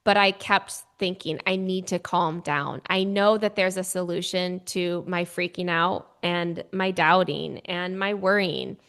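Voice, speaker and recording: A woman hosting a podcast interview, speaking warmly and gushing, with laughs. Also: lowish voice, fairly even intonation, clean tone. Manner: unhurried, gushing, laughs, faith-centered mom talk. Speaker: podcast host.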